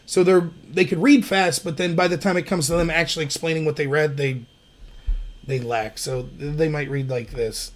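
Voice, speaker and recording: A man's voice: on the high side, steady tone, normal speed. A man from Pennsylvania hosting his own livestream, telling stories in a casual, digressive way. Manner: storytelling, chatty, digressive. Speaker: livestream host.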